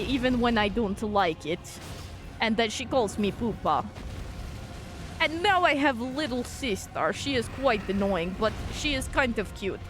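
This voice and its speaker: A woman voicing a male Siberian husky dog that speaks halting broken English with a Russian accent. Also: a little high.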